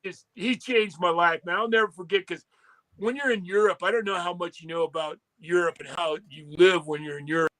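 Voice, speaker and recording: A man with a notably high speaking voice tells a story in a loose, profane way. He jumps into the voices of the people he quotes, then drops back into easy chat as a co-host. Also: steady tone, a little fast, bright, forceful tone, dry recording. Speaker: podcast co-host.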